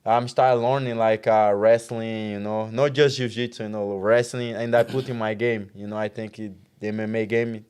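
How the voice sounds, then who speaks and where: A man from Brazil with a Brazilian accent and Portuguese as his first language, a fighter talking as a guest in halting, friendly English. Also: fairly low pitch, flat delivery, a little mellow, clear, resonant tone. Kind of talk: casual interview chat.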